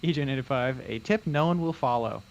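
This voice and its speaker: A man's voice: mid-range voice, fast, gravelly, muffled recording, slight background noise. A man co-hosting a casual stream, bantering and laughing easily. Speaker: co-host of a painting stream. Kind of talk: casual chat.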